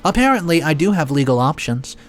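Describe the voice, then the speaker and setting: A man narrating a dramatic first-person story in a sarcastic, exasperated and animated way. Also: fairly high pitch, brisk, faint music behind.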